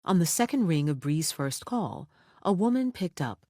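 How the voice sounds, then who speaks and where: Audiobook narrator, thriller, lively pitch, dry close studio sound. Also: moderate pace, no echo.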